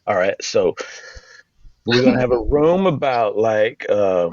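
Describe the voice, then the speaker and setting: A man co-hosting a podcast in casual, profane chat, riffing excitedly and slipping into mock voices. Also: on the low side, measured pace. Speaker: podcast co-host. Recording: dull lo-fi podcast audio.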